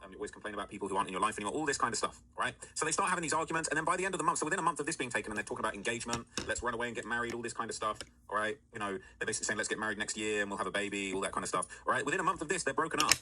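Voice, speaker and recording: A man's voice: fairly low pitch, rapid-fire, few pauses, noisy background. A man hosting casual commentary, talking in a rambling way with many fillers and "all right?" checks. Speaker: commentary host.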